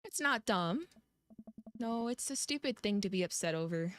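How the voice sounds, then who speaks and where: A woman's voice: mid-range voice, lively intonation, normal speed, a little hiss or hum, close to an everyday voice. A woman reading the lines of a kindly, goofy middle-aged game dad who earnestly gives his daughter advice. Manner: earnest, gently advising. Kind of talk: reading game dialogue aloud.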